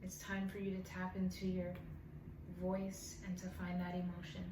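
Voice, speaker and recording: A woman's voice: lowish voice, monotone, moderate pace, noisy background. A woman giving a heartfelt spiritual energy reading to her viewers. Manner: emotional, heartfelt. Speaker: tarot reader. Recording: roomy, distant mic with faint ambience.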